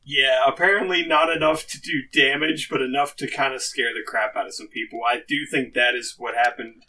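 A man's voice: medium pitch, fairly even intonation, brisk, sharp tone, distant mic, low-quality recording. A man co-hosting a podcast, chatting in a laid-back, hesitant way with dry humor. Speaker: podcast co-host. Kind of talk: casual comedic chat.

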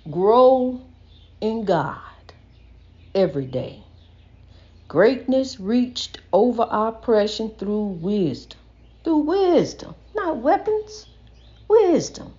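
A woman's voice: a little high, a little mellow, highs cut off. An older woman giving an impassioned, rambling spiritual monologue, repeating her points with emphasis. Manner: preachy, repetitive, emphatic, rambling.

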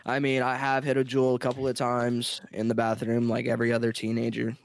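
A teenage man telling a story on a podcast in an animated, joking way, swearing freely. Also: medium pitch, brisk, creaky. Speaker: podcast co-host. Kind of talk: casual storytelling chat.

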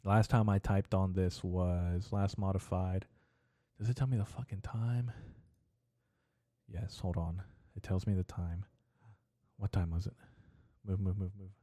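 Young man, low mellow voice, dry close sound, rambling profane podcast monologue. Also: a little slow, long pauses, no room sound. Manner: profane, meandering, talks to himself. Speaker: podcast host.

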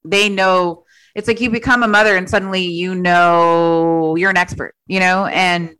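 A woman's voice: lowish voice, steady tone, moderate pace, pushed and bright, clean tone, low-quality recording. Chatty woman telling rambling stories. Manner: rambling, self-deprecating, filler-heavy storytelling with frequent laughs. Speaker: podcast guest. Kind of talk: casual chat.

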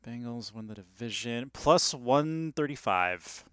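A man co-hosting a casual sports betting podcast, talking hesitantly with many fillers and soft laughs. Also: medium pitch, expressive, measured pace. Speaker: podcast co-host.

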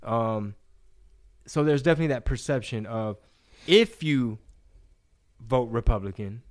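A man, co-hosting a podcast in casual chat, profane and animated, full of slang. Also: medium pitch, unhurried. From Texas. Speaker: podcast co-host.

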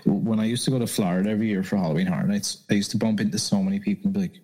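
Irish man, 30s, podcast guest; low, mellow, blunt, swears easily. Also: steady tone, racing, hardly any pauses, husky, low-quality recording. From Ireland. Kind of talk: casual chat.

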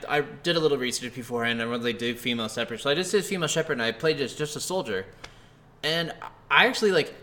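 A man's voice: mid-range voice, quick pace, sharp tone. A man co-hosting a video game podcast, chatting casually in a laid-back, rambling way with lots of fillers. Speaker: podcast co-host. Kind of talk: casual game review chat.

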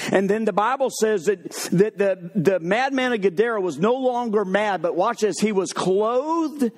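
A man preaching a sermon, mixing funny stories with slow, emphatic points. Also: sits high. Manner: lively, humorous storytelling with sudden drops to slow emphatic points.

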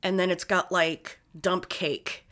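A woman chatting casually, animated and swearing freely as she acts out funny stories. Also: lowish voice, slow. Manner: animated storyteller, swears often, acts out quotes. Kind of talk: casual chat.

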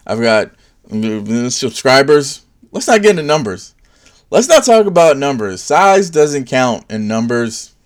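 Very animated yet unhurried, a man works through a sarcastic comedic monologue in stand-up fashion, breaking into high, mocking voices for the jokes.

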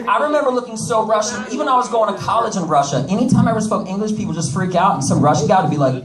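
A man's voice: sits high, animated, very fast, few pauses, reverberant, recorded from a distance, crowd noise, low-quality recording. A man doing a stand-up comedy set, with brash joking asides to the audience. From United States. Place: comedy club stage.

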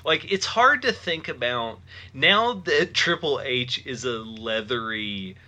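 A man in his thirties co-hosting a podcast with a very bright, forceful voice. His pitch swings widely as he drops wry jokes into the chat. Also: expressive, slow. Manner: wry, joking asides. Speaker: podcast co-host. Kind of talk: casual chat.

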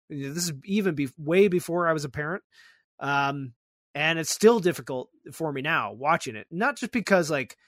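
Casual, slightly high-voiced male podcast host. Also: no echo, studio quality. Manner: animated retelling, swears freely. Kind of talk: casual chat.

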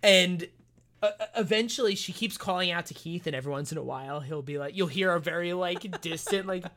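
A man with a bright, somewhat high voice talks through a horror film's plot in casual podcast chat. He rambles animatedly, stumbling over restarts and fillers as he goes. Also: a little fast. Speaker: podcast co-host. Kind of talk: casual film review chat.

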